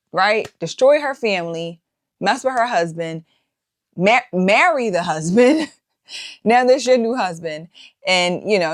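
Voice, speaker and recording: A woman hosting a commentary show, talking casually and peppering her points with rhetorical questions. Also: lowish voice. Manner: rhetorical, keeps asking "right?". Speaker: host. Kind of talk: commentary on social media clips.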